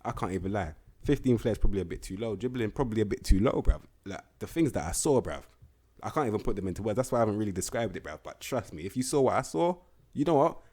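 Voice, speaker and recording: A young man talks through a football game in a loose, slangy way, swearing as he goes. His voice sits very low and deep. He sounds animated and casual. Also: fast talker. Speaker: gaming YouTuber.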